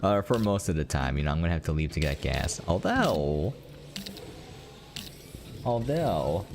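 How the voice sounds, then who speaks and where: A man's voice: deep voice, very animated, measured pace, darkish tone, a little hiss or hum. A young American man chatting casually while live-streaming a game, rambling and laughing often as he answers his chat. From United States.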